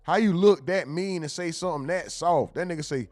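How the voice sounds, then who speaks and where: A man's voice: on the high side, fairly quick, a little mellow. Joking man reacting to clips. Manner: laughing, joking, mimics clip lines. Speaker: show host reacting to clips. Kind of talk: casual commentary.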